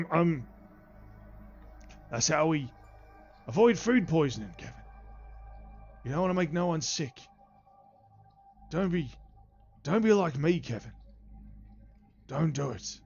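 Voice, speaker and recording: A man doing a loud blustering cook. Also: on the high side, very animated, a little slow, long pauses, soft background music, voice pushed up, full character voice. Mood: awkward. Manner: loud, blustering, self-pitying. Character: gruff disgraced male camp cook, blustering. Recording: dull lo-fi stream audio.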